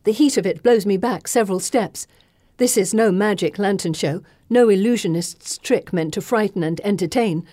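A woman reading first-person scripted narration in a measured, dramatic way. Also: medium pitch, mellow, no room sound, studio quality. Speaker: audiobook narrator.

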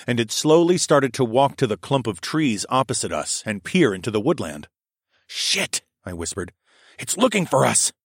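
A young adult man narrating a first-person adventure story in a steady storytelling voice. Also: dry recording, clean studio sound. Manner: steady storytelling, voicing his own lines louder and higher.

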